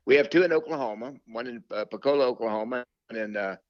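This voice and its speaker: A man's voice: medium pitch, fast talker, no echo. An older man telling stories as an interview guest, rambling with fillers and restarts and quoting his own thoughts. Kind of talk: casual storytelling interview. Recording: dull lo-fi dry sound.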